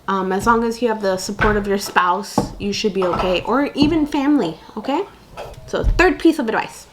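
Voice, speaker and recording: A woman's voice: medium pitch, moderate pace, background noise. A young woman vlogging candid parenting advice in a casual, chatty way, full of fillers and asides. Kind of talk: casual chat to camera.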